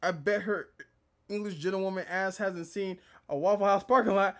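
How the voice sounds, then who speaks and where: Loud, profane male streamer. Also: sits high, normal speed. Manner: loud, profane, animated trash talk. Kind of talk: casual gaming commentary.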